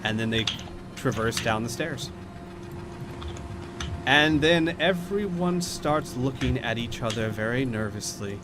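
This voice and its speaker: A man's voice: mid-range voice, animated, measured pace, long pauses, background noise. A man narrating scenes and explaining rules as the game master of a tabletop role-playing game, in a chatty, descriptive way.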